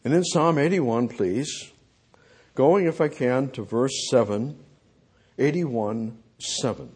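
A man preaching a sermon. He reads scripture slowly, swings from loud pleading to quiet talk, and asks his listeners questions. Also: medium pitch, slightly rough. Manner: rhetorical questions to the congregation.

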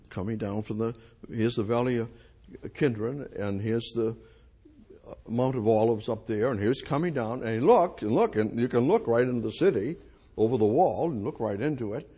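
A man preaching an expository sermon, reading scripture aloud and moving between hushed, slow phrases and loud emphatic lines. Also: medium pitch, animated, slightly rough.

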